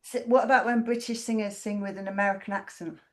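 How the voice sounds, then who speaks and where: A woman in a workout session chatting casually and asking curious questions. Her voice has a medium pitch and an ordinary tone. The room is roomy and echoey. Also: fairly even intonation, fast, slight background noise. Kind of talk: casual chat during a workout. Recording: roomy echo.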